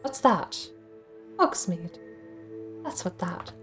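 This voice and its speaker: A woman's voice: fairly low pitch, very animated, takes it slowly, music in the background. A woman streamer casually talking through a video game, wry and self-mocking, thinking aloud. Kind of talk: casual gaming livestream commentary.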